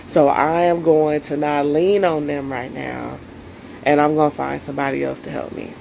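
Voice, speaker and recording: A woman's voice: low-pitched, level tone, normal speed, gravelly, background noise. A woman coaching viewers on self-care in a solo live stream, earnest and emotional, speaking straight to her audience.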